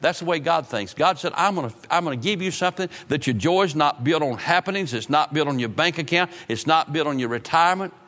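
A man preaching a sermon, swinging from loud outbursts to low, drawn-out phrases. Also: lively intonation. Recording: long hall reverb.

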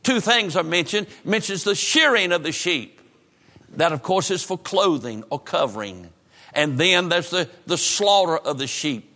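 In a church hall full of long reverb, a man preaches a sermon, his voice high and bright. As a pastor he leans on fervent repetition, letting it fall to a hush whenever the lines turn solemn.

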